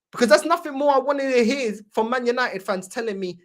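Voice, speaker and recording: A man's voice: extremely high pitch, fast talker, hardly any pauses. A man with a London accent argues about his football club in casual, slang-filled talk. He builds his case with passion and insistence. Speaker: football fan co-host.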